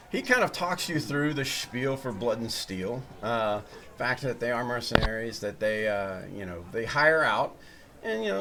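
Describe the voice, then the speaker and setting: A man narrating a tabletop game as game master, at an ordinary middle pitch. He talks loosely and rambles, filling gaps with "um" and "uh" as he sets the scene. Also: a bit bright, slight background noise. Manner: rambling, loose, with many fillers.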